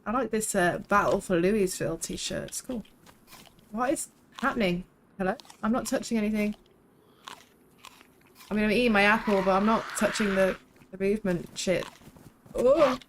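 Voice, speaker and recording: A young woman talks loosely to her viewers as she plays, wandering between topics and dropping casual swear words. Her voice sits at an ordinary middle pitch. A faint background noise runs under the recording. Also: moderate pace, pauses often, poor audio. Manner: chatty, rambling, swears casually. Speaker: game streamer. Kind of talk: casual chat while live-streaming a game.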